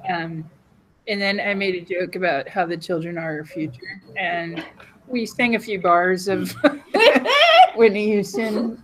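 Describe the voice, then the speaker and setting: A woman's voice: lowish voice, a little hiss or hum, low-quality recording. A woman, a conference keynote speaker, talking casually in a group chat and telling stories in a reflective way. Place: conference hallway.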